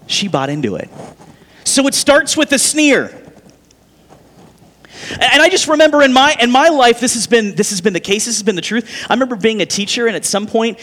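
High-voiced man preaching in a hall. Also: lively intonation, normal speed, pauses often, a bit bright. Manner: conversational, often asks the congregation questions. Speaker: pastor. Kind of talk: sermon.

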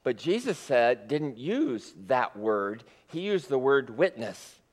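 A man preaching a sermon as a pastor, telling the story with animated emphasis and acting out the quoted lines. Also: mid-range voice, slow pace, long reverb tail.

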